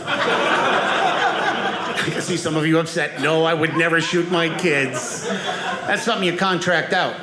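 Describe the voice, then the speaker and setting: A male comedian with a high voice works a live crowd, acting out the voices in his stories. The room rings with echo, and loud audience laughter fills the gaps. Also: animated, fairly quick, pauses often, very noisy. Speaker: stand-up comedian. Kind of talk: stand-up comedy routine.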